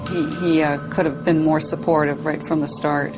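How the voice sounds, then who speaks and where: A woman comments in a calm, analytical way, her voice sitting on the low side for a woman. The audio is dull and lo-fi, with music playing behind her. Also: normal speed. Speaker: expert commentator. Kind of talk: reality-TV commentary.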